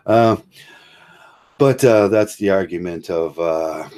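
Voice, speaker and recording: Here a man with a deep, darkish voice hosts a livestream, drifting through philosophy. He's from Ohio and speaks with a Midwestern American accent, pausing haltingly with plenty of fillers and restarts and frequent chuckles.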